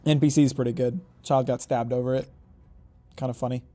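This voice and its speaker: Mellow-voiced man chatting through a stream. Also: medium pitch, fairly even intonation, a little fast, faint music behind. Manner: rambling, joking, profane, thinking aloud. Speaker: game streamer. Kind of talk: casual live-stream gaming commentary.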